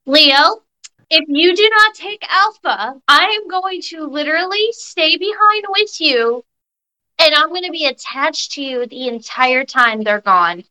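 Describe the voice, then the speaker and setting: A woman's voice: high-pitched, lively intonation, measured pace, bright, forceful tone, low-quality recording. A woman playing a tabletop game, firm and joking threats. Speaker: player.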